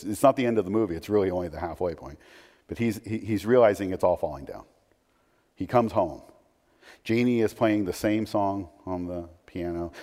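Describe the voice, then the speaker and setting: A man's voice: low-pitched, dark tone. A man preaching a sermon in a conversational way, with frequent restarts and asides. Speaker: pastor. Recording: long hall reverb.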